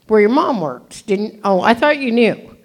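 A woman's voice: on the high side, lively intonation, unhurried, pitched above the performer's own voice. An older woman voicing her blunt aunt, who lets slip a family secret in an offhand, matter-of-fact way.

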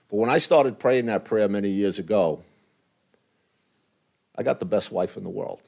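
An older man talks to a men's group, candid and blunt, never softening his plain words. His voice sits a little low, and he sounds earnest about what he says. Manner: blunt and earnest, plain language with mild cursing. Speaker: recovery group speaker.

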